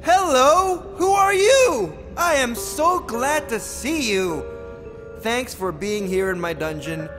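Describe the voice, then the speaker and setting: A man's voice: extremely high pitch, expressive, takes it slowly, over music, exaggerated voice. A man voicing a lonely, overeager dungeon dweller in a video game, gushing and rambling with stammers.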